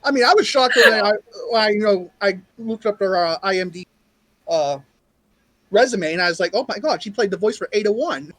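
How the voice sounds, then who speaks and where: High-voiced playful male co-host. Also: expressive, a little fast, a bit bright, no room sound, rough recording. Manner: laughing, playful challenger. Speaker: podcast co-host. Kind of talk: casual podcast interview.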